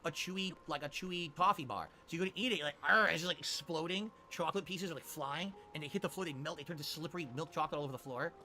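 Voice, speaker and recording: A man streaming live, answering chat questions with quick, opinionated rants. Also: fairly high pitch, pushed and bright. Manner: rapid, opinionated ranting. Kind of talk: livestream chat reply.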